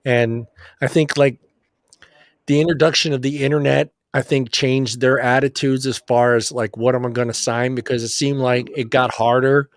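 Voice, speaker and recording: A man's voice: medium pitch, little pitch movement, normal speed, dry recording, studio quality. A man co-hosting a casual sports chat show, telling long rambling stories and swearing casually. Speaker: podcast co-host.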